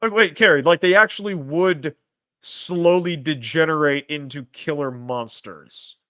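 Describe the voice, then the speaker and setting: A man hosting a casual livestream, reading chat aloud and rambling, with restarts and sudden excited jumps in pitch. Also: measured pace, smooth, dry recording. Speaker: streamer host reading chat.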